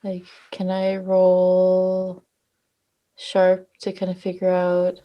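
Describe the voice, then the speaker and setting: A woman's voice: fairly low pitch, completely flat delivery, takes it slowly, highs cut off. A woman talking casually as a player in a tabletop role-playing game, hesitant with fillers and swearing now and then. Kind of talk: tabletop role-play chat.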